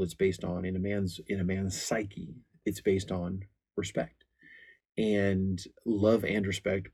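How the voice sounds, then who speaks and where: A man's voice: low voice, gravelly, warm tone, husky. A man in his forties giving an earnest, candid talk about marriage from faith, telling stories with frequent restarts.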